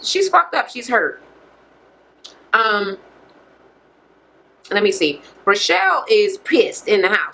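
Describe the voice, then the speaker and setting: A woman vlogger recapping a reality show in a casual, animated rant full of cursing, recorded on a camera microphone. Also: mid-range voice. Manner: profane, animated, heavy cursing.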